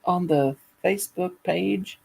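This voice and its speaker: A middle-aged woman with a gravelly, husky, low-set voice spins a tale in easy conversation. She talks in an animated way and laughs through her own story. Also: slow, poor audio. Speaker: caller. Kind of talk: casual storytelling.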